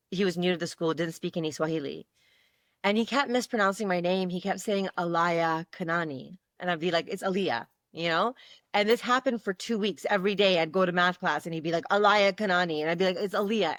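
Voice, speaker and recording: Animated woman comedian telling stories. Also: medium pitch, no echo, clean studio sound. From Canada. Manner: animated, laughs often, acts out quotes. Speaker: guest comedian. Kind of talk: casual podcast storytelling.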